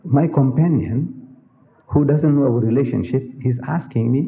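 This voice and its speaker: Animated older man lecturing, tinny recording. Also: medium pitch, moderate pace, creaky, a little hiss or hum. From South Africa. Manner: animated, theatrical, with rhetorical questions and acted-out dialogue. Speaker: guest lecturer. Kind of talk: public religious lecture. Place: large lecture hall with an audience.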